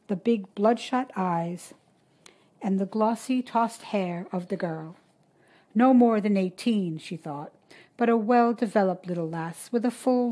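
Woman reading a story aloud. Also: mid-range voice. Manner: steady, measured storytelling. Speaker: narrator. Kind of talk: audiobook reading of a short story.

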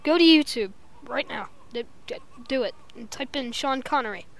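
A young woman with a high, light voice co-hosts a homemade podcast. She chats casually, giggles often and teases her co-host in a playful, joking way. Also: animated, normal speed. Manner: giggly, playful, trades silly jabs. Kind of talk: casual chat.

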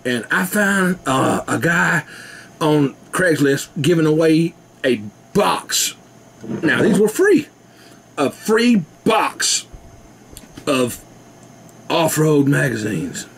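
A man's voice: fairly high pitch, lively intonation, takes it slowly, creaky, a little hiss or hum. A man rambling casually to his camera at home, laughing often. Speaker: vlogger. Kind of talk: casual rambling video chat.

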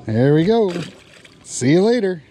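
A man's voice: high voice, very animated, measured pace, warm tone, slight background noise. A man hosting a fishing vlog outdoors on a lake boat, chatting to the fish and his viewers. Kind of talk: casual fishing vlog narration.

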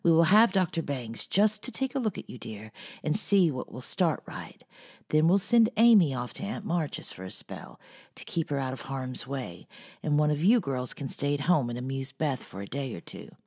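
A woman voicing a homely, practical older housekeeper who speaks briskly and matter-of-factly, in an audiobook. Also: extremely low pitch, big pitch swings, darkish tone, slightly rough, exaggerated voice. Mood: reassuring.

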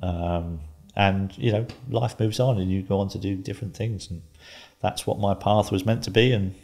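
A man in his fifties, a guest in an interview, calmly telling stories and laughing often. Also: fairly low pitch, normal speed, vocal fry. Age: 50s. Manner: calm, laughs often while telling anecdotes. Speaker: guest, former footballer and pundit. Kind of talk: casual interview storytelling.

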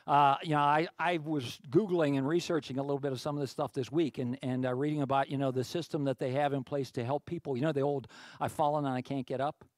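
A male pastor delivers a sermon in a loose, conversational way, stumbling over restarts before he builds to forceful high points. His voice sits at an ordinary middle pitch. The sound is close and dry, with no room echo. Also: fairly even intonation, quick pace, hardly any pauses. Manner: conversational, full of restarts, rising to emphatic peaks.

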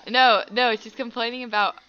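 A woman's voice: on the high side, steady tone, normal speed, sharp tone, lo-fi sound. A young woman hosting casual gameplay commentary, giggly and chatty, bossing her characters around. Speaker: gaming channel host. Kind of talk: casual let's-play commentary.

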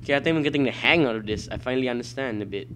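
A man giving let's play commentary at his computer, excitable and quick to shout and swear at the game. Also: mid-range voice, slight background noise. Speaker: gameplay commentator.

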